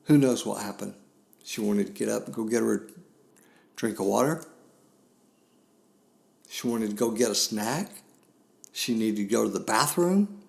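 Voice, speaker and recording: An older man hosting a podcast, telling a solemn personal story in a slow, grave way with long pauses. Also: fairly low pitch, animated, creaky, darkish tone. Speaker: podcast host.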